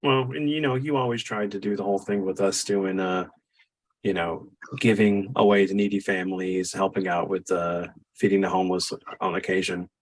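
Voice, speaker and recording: A man's voice: low voice, steady tone, normal speed, rough recording. A young man, the host's son, chatting casually on a podcast in an easygoing way. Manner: easygoing, with fillers. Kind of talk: casual chat.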